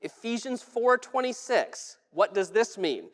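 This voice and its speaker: Direction: preach like a relaxed pastor chatting with the congregation. Keep it casual, drop in a light joke now and then, restart a phrase when you need to, and let the words ring out in a big church with a long echo. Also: medium pitch, measured pace. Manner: casual and humorous, with frequent restarts. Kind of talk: conversational sermon. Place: church sanctuary.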